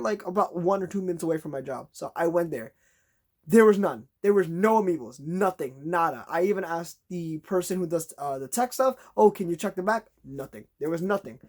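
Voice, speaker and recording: A vlogger telling a long, exasperated story in a casual rant, acting out conversations in a raised voice. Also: mid-range voice.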